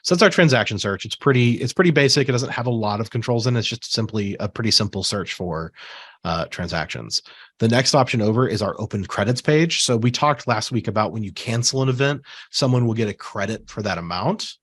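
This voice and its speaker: A man giving a relaxed screen-share software tutorial, talking casually with fillers and asides while he has the hiccups. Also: lowish voice, fairly quick, breathy edge, dry recording. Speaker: software trainer.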